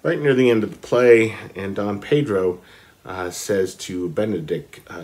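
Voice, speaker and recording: A man's voice: on the low side, measured pace, darkish tone. A man talking casually about a book, full of fillers and restarts, with bursts of enthusiasm and lines read aloud. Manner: hesitant, many fillers, enthusiastic emphasis. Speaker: book vlogger. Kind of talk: casual talk about literature, reading passages aloud.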